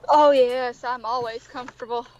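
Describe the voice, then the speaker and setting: A woman joins a live stream as a guest, talking casually and bluntly, often laughing. Her voice sits high. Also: steady tone, normal speed, muffled recording.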